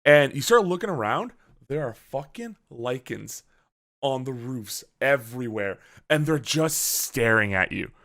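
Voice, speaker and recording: A man chatting on a podcast, telling a story in an animated way and acting out his own reactions, with a lot of swearing. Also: mid-range voice, unhurried. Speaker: podcast host. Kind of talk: casual podcast chat.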